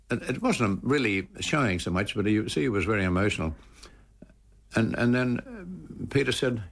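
A man's voice: on the low side, animated, moderate pace, gravelly, slightly rough. An older Australian man, a former cricketer, telling anecdotes in an emotive way and often repeating words as he speaks. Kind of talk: anecdotal storytelling.

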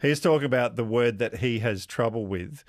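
A man with an Australian accent hosting live talkback radio in a studio, brisk and chatty, giving the number and reading texts. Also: medium pitch, no room sound. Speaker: radio host.

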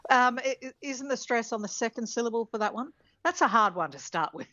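A woman's voice: on the high side, lively intonation, fairly quick, pushed and bright, dry recording, lo-fi sound. A woman professor, explaining things on radio in a thoughtful, chatty way with plenty of ums and restarts. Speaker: linguistics professor, guest.

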